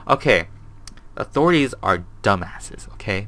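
A young man runs a horror game playthrough, reading the on-screen text aloud and breaking off into jumpy, swearing reactions. His voice sits a little low but has a bright, forceful edge. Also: expressive, a little fast. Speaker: gaming video host.

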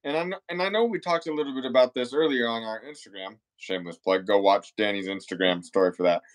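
A man's voice: fairly low pitch, fast. A man hosting a live talk show over a video call, enthusiastic and playful with his guest. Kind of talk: casual live interview chat.

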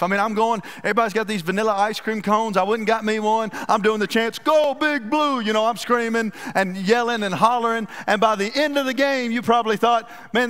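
A man preaching a sermon as pastor, telling stories in a folksy, animated, self-deprecating way. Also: sits high, clear, resonant tone. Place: church sanctuary. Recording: reverberant church hall.

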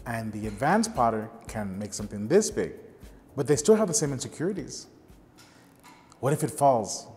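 A man's voice: mid-range voice, very animated, normal speed, pauses often, darkish tone. Middle-aged pottery teacher guy telling stories earnestly, long echo, faint music behind. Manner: earnest, storytelling with gestures. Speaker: ceramics teacher. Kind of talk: documentary interview.

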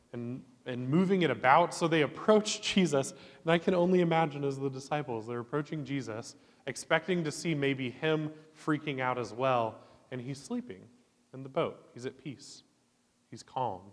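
A man from Oklahoma leading a children's chapel sermon, lively and asking the kids questions. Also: medium pitch. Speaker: guest chapel leader. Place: church chapel. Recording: long hall reverb.

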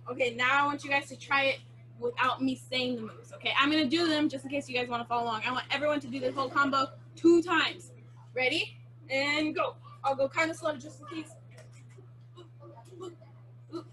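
A woman's voice: high-pitched, brisk, sharp tone, a little hiss or hum. A young woman teaching a virtual martial arts class to children, calling out punches in an upbeat way over a video call. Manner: upbeat, calls out moves to children. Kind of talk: virtual kids' class instruction.

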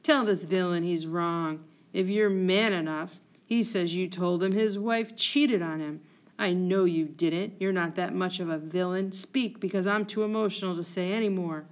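A woman's voice: fairly low pitch, fairly even intonation, normal speed, lightly acted. A woman voicing an outraged, loyal maidservant who speaks with indignant passion. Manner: indignant, impassioned.

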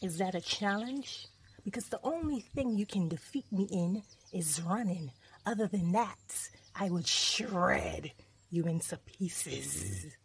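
A woman's voice: on the low side, animated, slow pace, a little hiss or hum. A woman reading a children's storybook aloud and voicing a cocky male lion who taunts and mocks. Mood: taunting. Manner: teasing, taunting.

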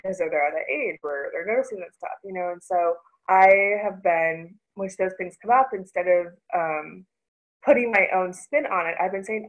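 A woman in her thirties with a somewhat low voice gives an informal parenting presentation. She talks in a halting, searching way and keeps restarting her sentences as she looks for the right word. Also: rough recording.

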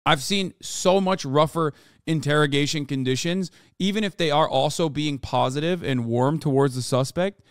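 Smooth-voiced man in blunt stream chatter. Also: a little high, moderate pace, no room sound, studio quality. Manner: blunt, profane, talks over the video. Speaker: streamer reacting to a video. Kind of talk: casual reaction commentary.

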